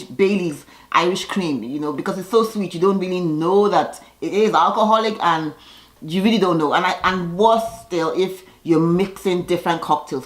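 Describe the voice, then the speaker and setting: In an echoey, roomy space, a woman with a fairly bright, lowish voice casually recaps a reality TV episode. She mixes sassy remarks with voiced impressions of the cast's lines.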